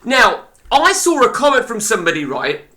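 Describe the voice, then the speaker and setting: A man's voice: extremely high pitch, huge pitch swings, moderate pace, pushed and bright. A man streaming live, giving blunt, sweary, rambling commentary on a football management game.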